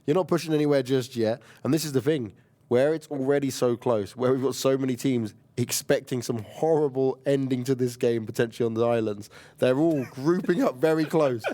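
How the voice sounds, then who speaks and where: A man casting an esports match, giving energetic, joking play-by-play and voicing what the players might be thinking. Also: medium pitch, normal speed. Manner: energetic, jokey, voices players' thoughts. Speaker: esports caster. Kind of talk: play-by-play commentary.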